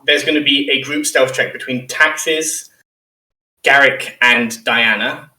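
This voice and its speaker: A man's voice: medium pitch, steady tone, slow, bright, forceful tone, echoey room, distant mic, rough recording. A man narrating as game master of a tabletop game, setting scenes and calling for rolls, laughing often.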